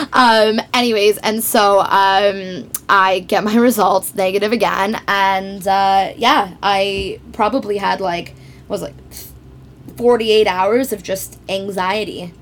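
A woman guest on a podcast, telling a story in casual chat, animated and self-mocking with frequent laughs. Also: mid-range voice, slow pace, a little hiss or hum.

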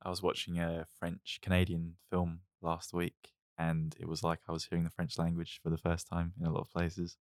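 An interviewer asking brief, low-key questions in a casual conversation. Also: monotone, moderate pace, few pauses, dry recording, clean studio sound.

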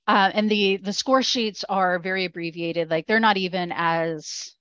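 A woman speaks in a slightly low register, chatting casually on a podcast. She fills her talk with likes and ums and gets animated when she acts out what people said. The sound is dry and a little muffled. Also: a little slow, no room sound. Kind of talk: casual chat.

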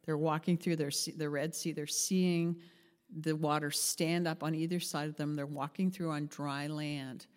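A woman's voice: low-pitched, flat delivery, normal speed. Chatty woman pastor in a reverberant hall. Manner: chatty, asks the group questions. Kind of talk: interactive sermon.

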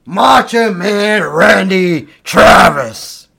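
A boastful, thick-headed wrestler roars in a strained, gravelly voice. He speaks slowly and at a high pitch, with a rough edge on every shout. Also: animated, heavily acted. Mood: bellowing. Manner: bellowing, growled catchphrases. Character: loud dim-witted male wrestler guest, boastful.

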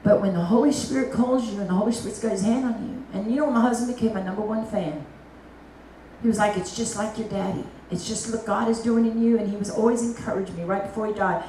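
A middle-aged woman evangelist gives a lively testimony sermon, full of folksy asides. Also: mid-range voice, fast talker, a little hiss or hum. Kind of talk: testimony preaching. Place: church meeting hall. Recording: echoey hall, mic at a distance.

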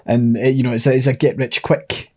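A man co-hosting a casual podcast chat, rambling through his points and swearing and laughing loudly. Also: medium pitch, flat delivery, a little fast, breathy edge. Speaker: podcast co-host.

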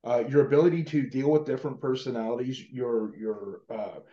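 A male podcast host winds slowly toward his question, stumbling through "uh"s and restarts as he goes. His mid-pitched voice bounces around a roomy space. The whole signal sounds dull and lo-fi. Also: steady tone, mellow. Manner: rambling, halting, many "uh"s and restarts. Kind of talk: casual interview questions.

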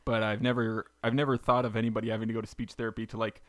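A man's voice: on the low side, level tone, rapid-fire, fairly bright tone, dry recording. A man hosting a podcast, asking rambling questions and joking with his guest. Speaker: podcast host. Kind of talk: casual podcast interview.

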